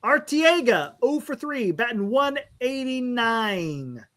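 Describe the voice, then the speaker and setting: High, lively-voiced man hosting a fan show. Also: slow. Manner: frank, rambling, stumbles over player names. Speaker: fan podcast host. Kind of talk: casual postgame fan talk.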